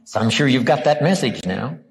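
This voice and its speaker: Husky older American man lecturing in a hall. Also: mid-range voice, animated. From United States. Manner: rhetorical questions, repeats key words with slow drawn-out emphasis. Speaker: motivational speaker. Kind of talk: live seminar lecture. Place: large hall with a live audience. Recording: live hall recording with long reverb.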